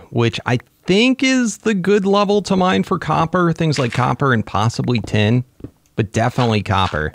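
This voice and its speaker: Excitable gravelly-voiced man gaming. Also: mid-range voice, no echo, studio quality. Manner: excitable, talks to himself while playing. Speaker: gaming channel host. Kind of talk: casual let's-play commentary.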